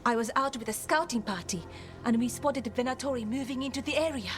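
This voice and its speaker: A woman plays a practical elf scout reporting back in a fantasy video game. Her voice sits fairly high, and her delivery is brisk and matter-of-fact. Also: close to an everyday voice. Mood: urgent.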